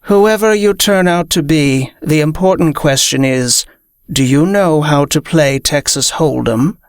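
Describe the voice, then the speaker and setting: A reader as a cranky gray alien, curt and cold, gravelly, dry sound. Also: mid-range voice, unhurried, no room sound, lightly acted.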